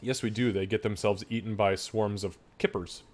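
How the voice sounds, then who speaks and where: Male game master, lowish voice, online session, hesitant, filler-heavy delivery. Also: fairly even intonation, a little mellow. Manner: halting, lots of fillers and restarts while narrating. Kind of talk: running a tabletop game online.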